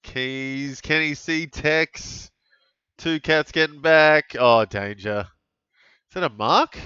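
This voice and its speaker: A man casually commenting on a live football game for his stream, chatty and relaxed, with sudden bursts of excitement at big plays. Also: on the high side, takes it slowly, clean tone, dry recording, highs cut off. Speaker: fantasy football streamer calling a live watch-along.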